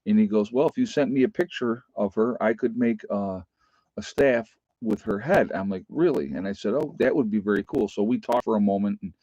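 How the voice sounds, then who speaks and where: A man's voice: fairly low pitch, brisk, mellow, no room sound. A middle-aged man hosting a casual livestream, rambling and folksy with lots of fillers. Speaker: livestream host. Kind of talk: casual live-stream chat. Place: rural home. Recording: dull lo-fi stream audio.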